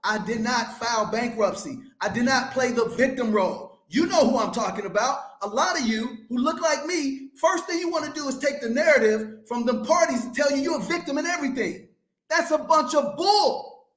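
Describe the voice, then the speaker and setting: A man's voice: very high voice, lively intonation, moderate pace, a bit bright, reverberant. A male financial coach hosting his show, delivering a fiery, profane motivational rant with a preacher-like cadence. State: fired up.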